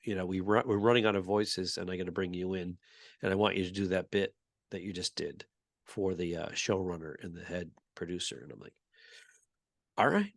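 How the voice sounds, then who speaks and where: A man co-hosting a comedy podcast, telling rambling, relaxed anecdotes that often trail off into quieter asides. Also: low-pitched, fairly quick, gravelly, no room sound, studio quality. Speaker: podcast co-host, comedian and voice actor. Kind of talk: casual comedy podcast chat.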